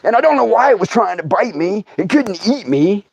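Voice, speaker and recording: A middle-aged man telling stories on a livestream in a casual, animated way, laughing often and acting out other people's voices. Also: high-pitched, fairly quick, vocal fry, husky, no room sound. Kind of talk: casual storytelling.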